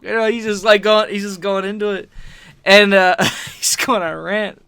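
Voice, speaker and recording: A man telling wrestling stories in a casual podcast chat, animated, often laughing, swearing freely and acting out quotes. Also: high voice, brisk, vocal fry, clear, resonant tone, no echo, studio quality. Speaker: podcast guest. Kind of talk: casual storytelling.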